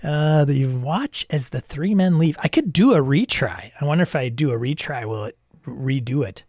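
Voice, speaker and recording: A man's voice: a little high, lively intonation, moderate pace, darkish tone, no echo, studio quality. A man hosting, reading a text adventure aloud and reacting, wry and self-amused, chuckling at the game. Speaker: host.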